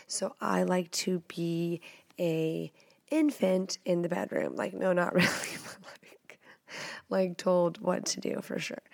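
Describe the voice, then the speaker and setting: Gravelly, blunt young woman podcast host. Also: lowish voice, a little mellow, no echo. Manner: blunt, playful, self-mocking. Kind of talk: casual candid chat.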